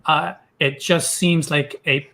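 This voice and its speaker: Halting man with bright voice. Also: a little high, fairly even intonation, vocal fry. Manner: halting, searching for words. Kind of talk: debate argument.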